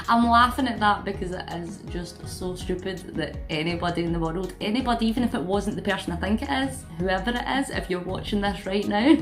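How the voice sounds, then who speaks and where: A woman's voice: medium pitch, fairly quick, few pauses, soft background music. A woman from Scotland with a Scottish accent, chatting to camera as a vlogger and telling a story with incredulous asides. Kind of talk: casual chat to camera.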